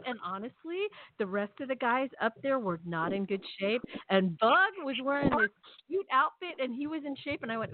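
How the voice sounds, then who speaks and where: A woman telling a long story in casual chat, animated and chatty, acting out her own lines. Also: high-pitched, moderate pace, dry recording. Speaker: podcast co-host. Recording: tinny phone-like call audio.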